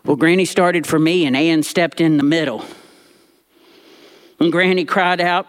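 A man telling a personal story to an audience in an animated, expressive way. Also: on the high side, measured pace, pauses often. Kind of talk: live storytelling performance.

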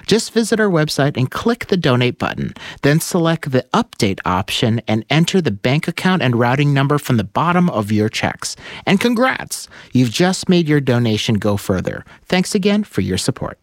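A man's voice: no echo, studio quality. A man reading a scripted station fundraising announcement in an upbeat manner. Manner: upbeat, friendly pitch.

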